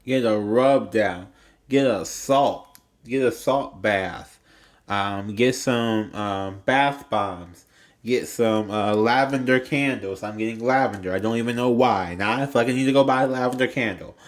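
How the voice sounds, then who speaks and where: In a mid-range voice at normal speed, a tarot reader chats his way through a livestream reading. His casual delivery rambles and repeats, with small stumbles and a throat that keeps catching, leaving him slightly choked.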